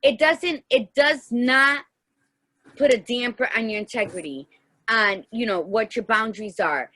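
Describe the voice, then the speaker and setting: A woman's voice: fairly high pitch, measured pace, sharp tone. A woman co-hosting a casual podcast chat, telling heartfelt personal stories and acting out the dialogue in them. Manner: heartfelt storytelling, acts out dialogue. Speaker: podcast co-host.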